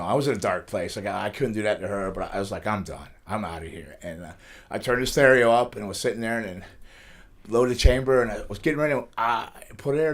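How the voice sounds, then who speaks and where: A middle-aged man, a pro wrestler, telling rambling life stories in a casual studio interview. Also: fairly low pitch. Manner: fast, rambling storytelling with frequent restarts and laughs.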